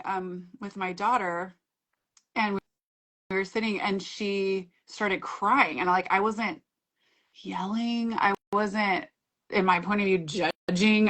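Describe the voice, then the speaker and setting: A woman's voice: medium pitch, fairly bright tone. A woman in her forties, a class facilitator, talking casually on a video call and acting out her own quoted dialogue with frequent laughs.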